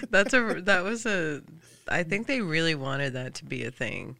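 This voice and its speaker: A woman's voice: low-pitched, animated, a little slow, vocal fry, sharp tone, no room sound. A woman hosting a casual show, chatty and loose, laughing often between her remarks. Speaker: host. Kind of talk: casual chat.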